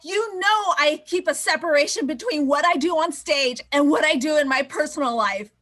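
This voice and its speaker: A woman improvising a restless young girlfriend, blunt and exasperated. Her voice is very high and bright with a sharp edge. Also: normal speed. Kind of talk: improv scene. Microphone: video call.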